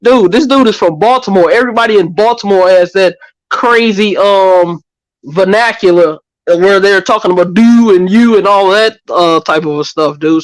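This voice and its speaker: Insistent high-voiced man in barbershop debate. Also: fairly bright tone, no room sound, low-quality recording. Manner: earnest, insistent, repeats himself when challenged. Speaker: barbershop panelist. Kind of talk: casual debate.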